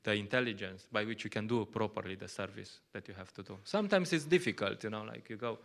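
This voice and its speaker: A man's voice: lowish voice, quick pace, creaky, a bit bright. A man with Slovenian as his first language giving a conversational scripture class in English, often laughing and acting out little quotes. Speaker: lecturer at a temple.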